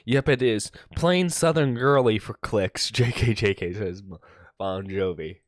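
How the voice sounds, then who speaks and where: A man's voice: fairly low pitch, unhurried, dry recording, clean studio sound. A male internet radio host chatting casually to his stream, gossiping, laughing and reading posts aloud.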